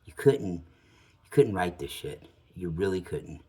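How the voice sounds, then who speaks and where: Low, husky middle-aged man telling stories. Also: animated, unhurried, dark tone. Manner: storytelling, wry and chuckling, swears casually. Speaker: channel host. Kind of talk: casual rambling monologue.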